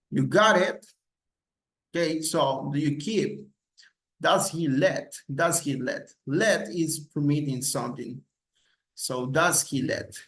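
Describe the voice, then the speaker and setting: A man teaching English grammar to Spanish speakers, repeating example questions with rising intonation and switching between English and Spanish. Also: a little high. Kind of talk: slow recorded grammar lesson.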